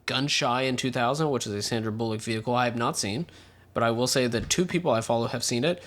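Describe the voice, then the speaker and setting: A man co-hosts a relaxed movie podcast at an ordinary mid pitch. He rattles through trivia and cast lists with dry jokes. Now and then he drops into quick silly voices. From United States. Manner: jokey, reads trivia, slips into quick silly impressions. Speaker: podcast co-host. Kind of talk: casual film podcast chat.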